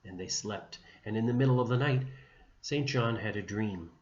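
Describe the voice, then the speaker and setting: Low-voiced man telling a saint's story. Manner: gentle, unhurried retelling with small restarts. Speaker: religion teacher. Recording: dull, echoey room recording with faint hum.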